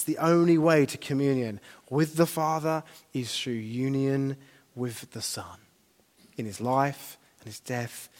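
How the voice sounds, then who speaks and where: A man preaching a sermon, conversational and animated, rising to emphatic declarations. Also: medium pitch, big-room sound.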